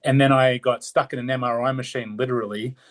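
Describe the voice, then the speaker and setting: A man's voice: mid-range voice, fairly even intonation, quick pace. A man with an Australian accent co-hosting a podcast in casual chat, talkative and prone to tangents. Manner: chatty, rambling, steers off on tangents. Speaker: podcast co-host.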